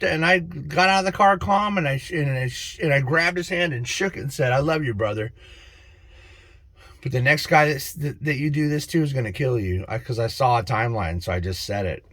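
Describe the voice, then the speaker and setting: Excitable man preaching oneness, lively pitch. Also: dry recording. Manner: excitable, preachy, laughs at his own stories. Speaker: spiritual vlogger. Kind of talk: casual spiritual monologue to camera.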